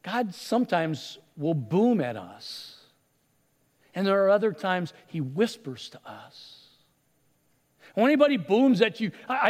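A man preaching a sermon, retelling stories with animated delivery and acted-out voices. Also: high voice, in a large hall. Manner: animated storytelling, acts out voices. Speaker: pastor.

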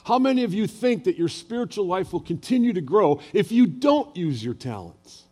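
A man's voice: sits high, very animated, normal speed, a little mellow. An older man preaching a sermon as a pastor, telling personal stories in a conversational way and asking the audience questions.

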